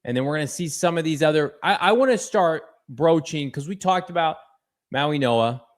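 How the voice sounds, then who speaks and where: A man with a slightly higher voice hosts a casual sports podcast. He talks with energy, reading fan messages aloud and teasing his co-host. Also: animated, normal speed.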